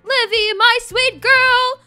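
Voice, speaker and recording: A goofy, easygoing young husband in a game roleplay, as a woman voices him. The voice sits very high and moves slowly and lazily. He teases in a light, joking way. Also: fairly even intonation, sharp tone, faint music behind, exaggerated voice. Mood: playful. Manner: goofy, teasing.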